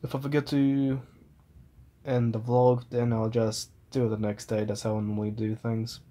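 A man's voice: medium pitch, little pitch movement, normal speed, dark tone. A young man rambling through a casual phone vlog, trailing off and chuckling between thoughts. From New Zealand. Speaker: vlogger. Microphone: phone held at arm's length.

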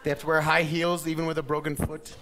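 A man emcees a burlesque show in live stand-up style, trading bawdy banter with the audience, teasing them and quizzing the crowd. His slightly high voice is fast and completely flat in delivery. Background noise includes a laughing crowd.

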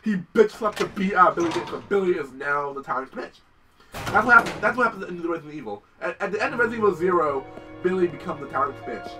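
A man giving casual let's-play commentary, excitable, swearing often and talking to the game characters. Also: sits high, quick pace, recorded from a distance, faint music behind, rough recording. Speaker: gameplay commentator.

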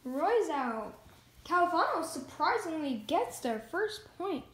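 Playful woman host, high voice, unhurried; halting delivery, echoey room with faint hiss. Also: big pitch swings, fairly bright tone. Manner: halting, with many fillers and restarts. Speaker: host of a toy competition show. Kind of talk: playful hosting of a pretend game show.

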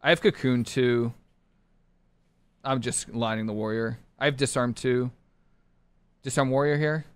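A man streaming a competitive online game live, talking his teammates through the match in short clipped callouts and bursting into excited shouts. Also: medium pitch, a little slow, long pauses, clear, resonant tone, no room sound. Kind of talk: live gameplay commentary.

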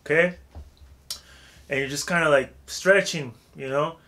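A man giving a casual vocal warm-up tutorial, talking loosely with lots of filler phrases. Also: a little high, measured pace, a little hiss or hum. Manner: loose and chatty, heavy with "like" and "you know what I'm saying".

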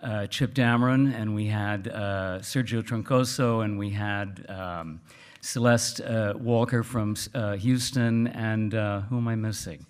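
A man from South Texas, speaking earnestly to an audience at a book event, halting and full of fillers. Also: lowish voice, fairly even intonation. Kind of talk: casual remarks to an audience.

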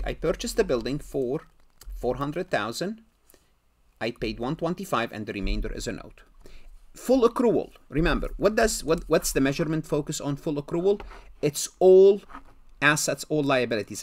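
A man's voice: medium pitch, fairly bright tone. Man lecturing, asking himself questions. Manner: asks and answers his own questions, repeats key words. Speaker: accounting lecturer. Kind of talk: recorded lecture.

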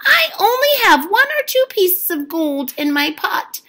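A woman voicing a small, clever leprechaun man in a storybook, high-pitched and pleading. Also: sing-song, unhurried, a bit bright, exaggerated voice.

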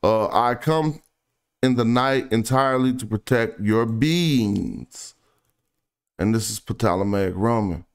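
Smooth-voiced man thinking aloud over research. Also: on the low side. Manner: thinks aloud, reads passages slowly, drifts into quiet asides. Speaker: independent researcher presenting online. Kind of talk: casual screen-share research commentary.

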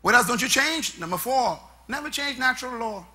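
A man preaching a sermon, emphatic and point by point, swinging between loud bursts and soft asides. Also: extremely high pitch, animated, a little fast, slightly rough.

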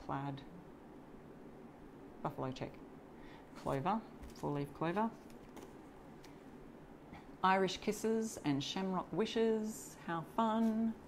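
Chatty Australian woman, lowish voice. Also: slight background noise. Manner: chatty, greets and reads out viewer comments while working. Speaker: DIY crafter hosting a live stencil demo. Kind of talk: casual live tutorial.

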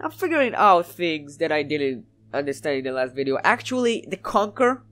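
Lively, excitable male gamer. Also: on the high side, normal speed. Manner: excitable, swears, loudly frustrated during matches; calmer and hesitant when reflecting after the match. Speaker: gameplay commentator. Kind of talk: live gameplay commentary.

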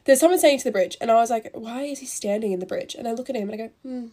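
Young aussie woman talking fast, storytime while doing makeup, lots of "like", swears a bit. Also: on the high side, dark tone. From Australia. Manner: fast, gossipy, heavy use of "like", swears casually. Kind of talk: chatty get-ready-with-me storytime.

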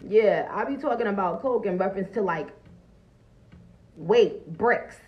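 A woman, talking loudly and profanely on a phone livestream and greeting viewers as she goes. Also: mid-range voice, unhurried, muffled recording. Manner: loud, profane and animated, greeting viewers between points. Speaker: livestream host. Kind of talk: casual livestream talk.

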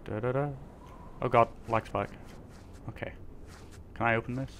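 A gamer commentating as he plays, with a bright, forceful voice at a middle pitch. He keeps up a running stream of sarcastic jokes aimed at the game. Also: fairly even intonation, moderate pace, a little hiss or hum. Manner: sarcastic, joking asides. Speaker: let's play host. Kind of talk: gaming commentary.

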